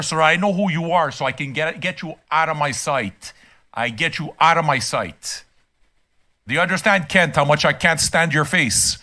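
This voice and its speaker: Blunt, swearing older man, bright voice. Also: fairly high pitch. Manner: blunt, swearing, rising into shouts. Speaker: music reaction host. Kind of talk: profane rant on a music reaction stream.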